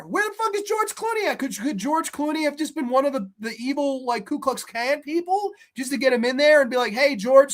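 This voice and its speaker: A man hosting a horror show, ranting in a casual, profane, sarcastic way, swinging between loud outbursts and low muttering. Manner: mocks characters in silly voices. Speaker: horror podcast host. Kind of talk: casual ranting movie review.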